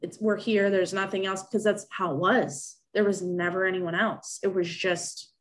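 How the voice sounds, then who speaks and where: A young woman in an easygoing chat, telling a personal story with lively feeling. She acts out the things people said to her, her voice sitting at an ordinary middle pitch. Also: normal speed. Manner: animated, acts out remembered exchanges. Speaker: guest sharing a personal story. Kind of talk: casual conversational storytelling.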